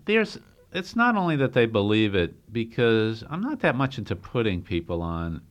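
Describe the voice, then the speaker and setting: A man as an interview guest, speaking in an animated, thoughtful way in a casual chat. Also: fairly low pitch, normal speed, lo-fi sound.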